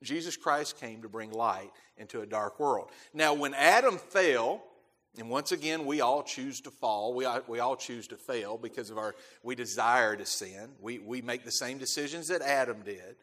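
A man preaching a sermon as pastor, emphatic, repeating key phrases and swelling loud on key words before dropping to quiet asides. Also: mid-range voice, normal speed. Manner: emphatic, repeats key phrases, quotes scripture in King James wording.

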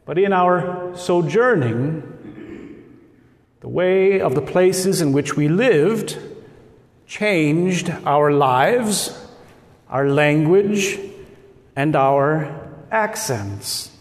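Slow, deliberate Midwestern pastor in echoing church. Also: male voice, high voice. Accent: Midwestern with a trace of North Dakota. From Nebraska, USA. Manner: slow, deliberate preaching with dramatic pauses. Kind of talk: sermon. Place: church sanctuary. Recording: echoey church hall.

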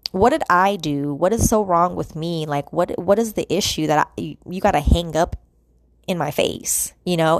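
A woman with a lowish, gravelly voice talks casually to camera, rambling through restarts and fillers. She speaks straight to her viewers as y'all. The sound is dry and close, with no room sound. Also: no echo. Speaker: vlogger. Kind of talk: casual confessional chat to camera.

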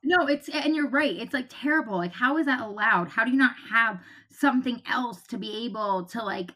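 A woman in her thirties with a bright, forceful voice tells a long story in casual chat. She talks in an animated way, swears freely and acts out what everyone said. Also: fairly high pitch, normal speed.

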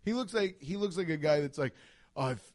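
A fairly high-voiced man rambling through funny stories in loose, casual podcast chat. He talks with lots of energy, swears freely and swings into silly impressions mid-sentence. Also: fast talker. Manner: animated storytelling, swears freely, jumps into impressions.

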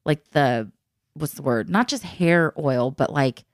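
Woman, low voice, chatty storyteller, laughs a lot, acts out quotes, dry close sound. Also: expressive, unhurried, no room sound. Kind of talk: casual chat.

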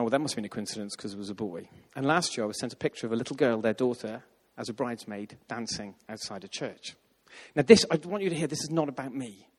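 A man telling a story in a sermon, lively and acting out the voices of the people in it. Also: medium pitch. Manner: animated, acts out quoted voices. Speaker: preacher. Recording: long hall reverb.

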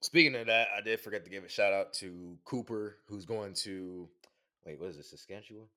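Laid-back young man, lowish voice. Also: fairly quick, bright, forceful tone. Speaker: podcast co-host. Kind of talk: casual chat.

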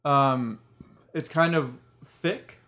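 A man in his twenties co-hosting a casual podcast, talking in a relaxed, hesitant way full of restarts. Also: medium pitch, extremely slow. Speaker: podcast co-host. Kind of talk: casual chat.

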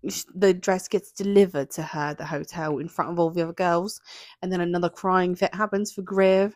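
A woman's voice: on the low side, fairly even intonation, a little fast, a little mellow, no room sound, studio quality. A woman co-hosting a podcast in casual chat, recapping a show in a gushing, gossipy way full of "like.". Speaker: podcast co-host.

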